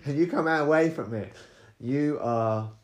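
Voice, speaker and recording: A man's voice: a little high, moderate pace, echoey room. A man with a British accent co-hosting a casual late-night podcast, tired, playful and wordy, hunting for words with fillers. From Britain. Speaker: podcast co-host.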